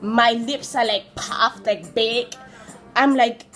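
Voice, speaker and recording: Young namibian girl with a high voice doing a storytime, animated, switches languages, faint music behind. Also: slow. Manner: animated, switches between English and Afrikaans, acts out quotes. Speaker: vlogger. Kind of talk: casual storytime.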